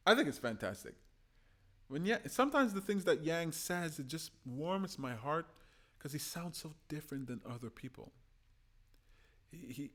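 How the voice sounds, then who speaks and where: A man hosting a solo political commentary show, talking with passion, swinging from loud urging to low, hushed asides.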